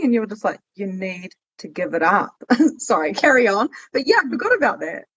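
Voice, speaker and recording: A woman in her thirties, a podcast host and spiritual coach, talking in a rambling, animated way and laughing often. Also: medium pitch, fairly quick, husky. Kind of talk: casual conversational interview. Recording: dull lo-fi audio.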